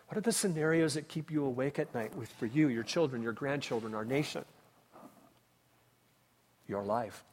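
A man preaching a sermon as pastor, impassioned, swinging between loud cries and hushed tones. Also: mid-range voice, fast, few pauses, a little hiss or hum. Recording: long reverb of a large hall.

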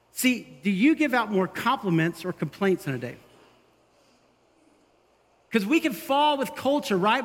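A man delivers a sermon, his voice sitting high. He talks in an animated way and slips into the voices of the people he quotes. A long reverb from the hall trails each phrase. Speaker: pastor.

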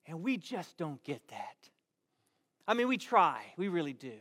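A pastor delivers a sermon with an earnest, emphatic push, circling back on his words as he builds each point. His voice sits high for a man. The sound rings with the long reverb of a large hall. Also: sing-song, a little slow, a bit bright. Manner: earnest, emphatic preaching with repeated words and restarts. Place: church hall.

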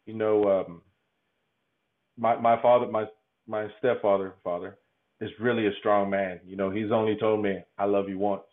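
A man giving a candid interview, talking haltingly, repeating words and laughing often. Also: lowish voice, level tone. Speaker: podcast guest. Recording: tinny phone-like line.

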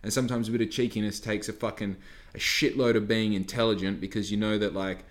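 A man's voice: lowish voice, fast talker. A young man in his twenties who works a coffee van, talking in a casual monologue rant. He is cheeky and swears a lot, with heated outbursts. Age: 20s. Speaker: coffee van worker vlogging.

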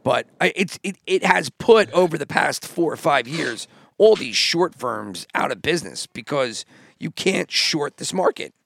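A man's voice: a little high, lively intonation, unhurried, vocal fry, a bit bright, dry recording. A man co-hosting a podcast in casual chat, rambling with lots of fillers and restarts. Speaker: podcast co-host.

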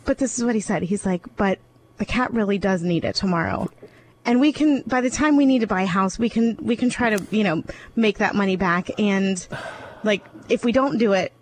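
A woman's voice: medium pitch, slight background noise. Tearful, chatty woman radio co-host. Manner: emotional, tearful, quick storytelling. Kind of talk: casual radio chat.

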